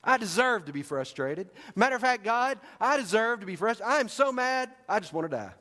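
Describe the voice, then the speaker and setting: A man's voice: very high-pitched, wildly swooping pitch, brisk, fairly bright tone, in a large hall, pitched above the performer's own voice, exaggerated voice. A man voicing a sulking, angry male prophet who complains in whiny, indignant outbursts.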